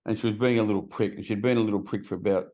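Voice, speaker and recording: A man's voice: on the low side, fairly even intonation, rapid-fire, dark tone. A middle-aged Australian man, a guest in recovery, talking on a video call in casual, blunt storytelling that swears freely. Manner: blunt, swears freely, acts out quoted voices.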